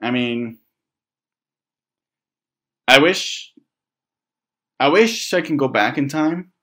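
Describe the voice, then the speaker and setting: Halting, reflective young man. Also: mid-range voice, animated, a bit bright. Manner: halting and reflective, many restarts and fillers; swears casually. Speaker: vlogger. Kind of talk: candid personal storytelling to camera.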